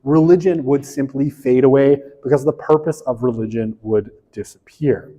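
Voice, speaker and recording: A man's voice: medium pitch, normal speed, mellow. Chatty male lecturer in an echoing hall. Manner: chatty, frequent "right?" tag questions, self-deprecating asides. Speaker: sociology lecturer. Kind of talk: casual university lecture.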